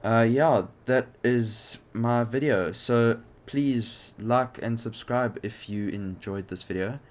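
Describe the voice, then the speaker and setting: A man's voice: mid-range voice, slow pace. A young man giving hesitant, rambling commentary over his flight game footage, with many fillers. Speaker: gaming channel host. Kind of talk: gameplay commentary. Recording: background game noise.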